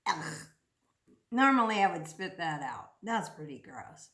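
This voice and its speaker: A woman giving a playful children's speech lesson, talking slowly and with exaggerated, sing-song delivery. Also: fairly low pitch, big pitch swings, a bit bright, roomy sound.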